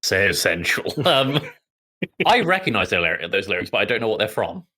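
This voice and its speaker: A man's voice: fairly low pitch, sing-song, fairly quick, bright, forceful tone. A British man co-hosting a comedy podcast, teasing and dry in casual chat. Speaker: podcast co-host.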